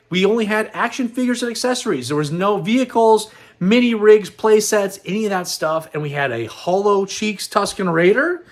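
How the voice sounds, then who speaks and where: A middle-aged man hosts a vlog, chatting loosely and rambling with an upbeat lift. His voice sits high for a man, and he sounds tired and a little worn.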